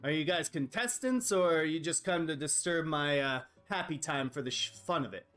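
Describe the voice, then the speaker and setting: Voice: mid-range voice, moderate pace, fairly bright tone, natural voice. A game master doing a crude mocking rogue. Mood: scoffing. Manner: cursing, teasing.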